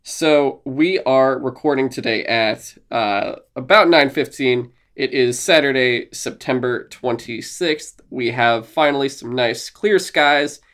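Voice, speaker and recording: A man's voice: medium pitch, slow, few pauses, a bit bright. Man, twenties, podcast host, casual chat, rambling, laughing, mid-range voice. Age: 20s. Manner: rambling, laughing, with many fillers and restarts.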